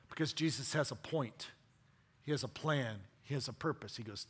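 A man preaching a sermon as a pastor, dramatic and animated, swinging between loud and hushed. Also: mid-range voice, moderate pace, husky.

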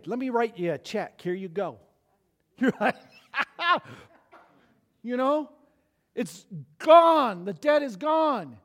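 High-voiced pastor preaching an animated sermon. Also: male voice, big-room sound. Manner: animated, acting out quoted voices, chuckling asides. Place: church.

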